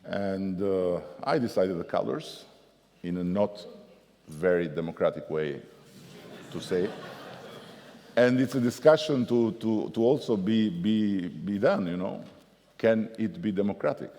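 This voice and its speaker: A man with an Albanian accent, a politician telling lively anecdotes and acting out the people he quotes as a guest at a forum. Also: deep voice, measured pace. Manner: animated storyteller, acts out the people he quotes. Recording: long reverb of a conference hall.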